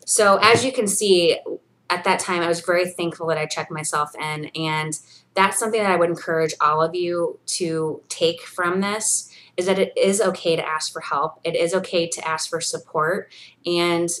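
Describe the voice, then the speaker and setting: A woman's voice: fairly low pitch, fairly even intonation, normal speed, fairly bright tone. Earnest woman sharing her story. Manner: earnest and encouraging, with many fillers. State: briefly emotional, near tears. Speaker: vlogger. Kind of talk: personal video diary, reading from a journal.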